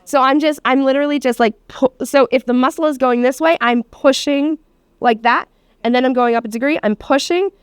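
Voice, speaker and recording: A woman with a high, smooth voice talks briskly while leading a hands-on massage therapy class. She's casual and chatty, laughing, using plenty of fillers and the occasional swear word, and the studio recording is clean with no room sound.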